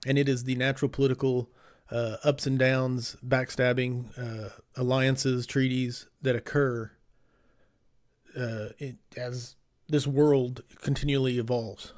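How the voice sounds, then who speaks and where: A man's voice: medium pitch, level tone, measured pace, a little mellow. A man co-hosting a gaming podcast in casual chat, explaining things at length with many fillers and restarts. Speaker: podcast co-host.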